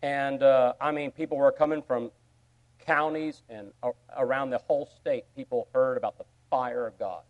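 A man preaching a sermon, telling a story with sudden swings from quiet asides to loud, excited bursts. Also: medium pitch, normal speed, highs cut off. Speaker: pastor.

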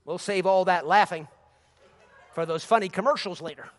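A man preaching a lively sermon, laughing often and calling out hallelujah. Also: sits high, normal speed, pauses often.

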